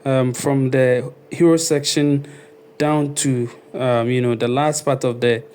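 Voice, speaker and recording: A man talking casually through a screen-recorded web design tutorial, thinking aloud and filling pauses with ums and okays. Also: mid-range voice, steady tone, mellow, clean tone.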